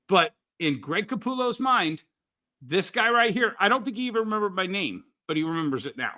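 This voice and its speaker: A man's voice: high-pitched, very animated, brisk, sharp tone. A man co-hosting a casual podcast, sharing anecdotes in a chatty way and often restarting his sentences. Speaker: podcast co-host, comic retailer. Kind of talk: casual chat.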